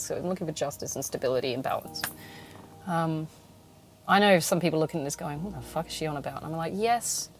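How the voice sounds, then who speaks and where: A woman's voice: on the low side, gravelly. Frank, swearing woman talking in a car. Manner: frank and swearing, laughing, going off on tangents. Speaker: podcast host. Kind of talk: casual monologue.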